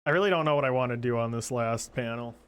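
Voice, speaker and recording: A man's voice: mid-range voice, fast, fairly bright tone, clean tone. A man streaming live, chatting casually while he draws, rambling and joking as he thinks aloud. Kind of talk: casual livestream chat while drawing.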